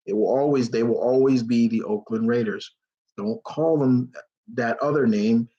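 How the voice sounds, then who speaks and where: A man's voice: mid-range voice, normal speed, dark tone, dull audio. A young man hosting a casual live question-and-answer stream, rambling and blunt, swearing freely. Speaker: host answering viewer questions.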